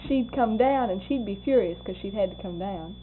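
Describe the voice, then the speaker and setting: Older woman, oral history interviewee; chuckling, animated storyteller; lo-fi tape hiss. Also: medium pitch, fairly quick. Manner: laughing, animated storyteller acting out quoted voices. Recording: tinny lo-fi tape with faint hum.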